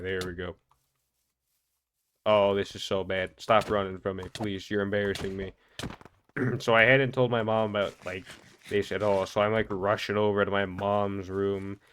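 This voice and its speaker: A man's voice: on the low side, a bit bright, a little hiss or hum. A young man telling a story while commenting on gameplay, rambling and stumbling over his words, wired with energy after a sleepless night. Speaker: gaming vlogger.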